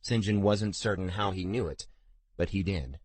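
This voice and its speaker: A man narrating a fantasy audiobook in a measured, steady storytelling manner. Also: sits low, no echo.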